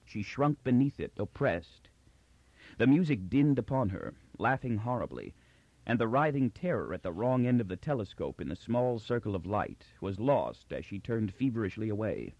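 With a fairly low pitch and a moderate pace, a male audiobook narrator reads a story expressively in scripted narration. The recording is dull, lo-fi and dry, with no room sound.

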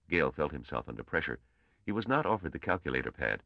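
A man narrating an audiobook in a measured, expressive storytelling manner. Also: rumbling low, creaky, no room sound, muffled recording. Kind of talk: scripted narration.

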